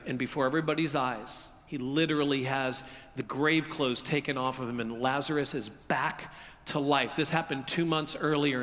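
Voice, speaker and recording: Middle-aged male pastor, bright voice, church hall reverb, casual joking sermon delivery. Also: fairly high pitch. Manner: conversational, humorous, acts out listeners' reactions. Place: church sanctuary. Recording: long reverb of a large hall.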